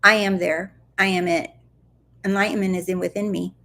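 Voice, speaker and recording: A woman's voice: fairly low pitch, little pitch movement, moderate pace, sharp tone. A woman life coach chatting casually on a live stream, answering viewer questions in a playful, goofy way and often checking in with her listeners. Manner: chatty, playful and goofy, full of "like" and "do you see?". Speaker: law of attraction coach.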